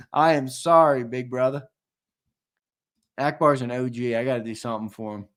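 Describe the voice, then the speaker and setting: A young man hosting a live-stream giveaway, chatting and teasing viewers in casual banter, with loud hyped countdowns between low mumbled asides. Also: fairly even intonation, moderate pace. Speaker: show host running a live-stream giveaway.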